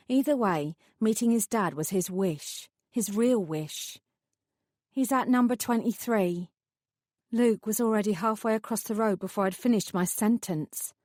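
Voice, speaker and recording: A woman reads a first-person novel aloud in scripted narration with lively storytelling. Her voice sits at a middle pitch, recorded close and dry. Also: no room sound. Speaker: audiobook narrator.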